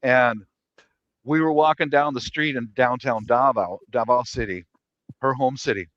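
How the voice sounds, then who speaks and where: A middle-aged man in casual chat, emphatic and quick to jump in. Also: mid-range voice, fairly bright tone, no echo. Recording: dull lo-fi mic.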